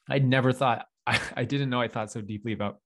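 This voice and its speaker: A young man co-hosting a podcast, chatting casually, rambling with lots of fillers and little laughs. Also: medium pitch. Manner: rambling, self-deprecating, laughs often, many fillers. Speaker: podcast co-host.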